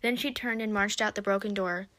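A woman narrating a story aloud in a steady storybook reading. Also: mid-range voice, brisk.

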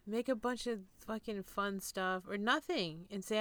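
A woman co-hosting a casual podcast, talking in an animated, emphatic way and swearing constantly. Her voice is bright and smooth, and it sits close on a dry mic. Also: mid-range voice, measured pace, dry recording. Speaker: podcast co-host. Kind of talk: casual chat.

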